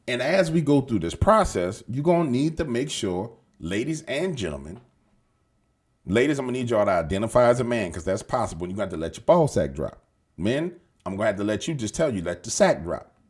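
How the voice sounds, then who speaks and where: A man's voice: on the low side, darkish tone, breathy edge. A man hosting casual news commentary, slangy and emphatic, swearing and repeating himself as he rambles. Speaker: show host.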